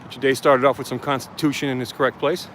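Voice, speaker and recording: A fast, flat-sounding man with a bright mid-range voice live-streams outside a police station. As a First Amendment auditor filming handheld, he chats casually and greets viewers by name; there's slight background noise.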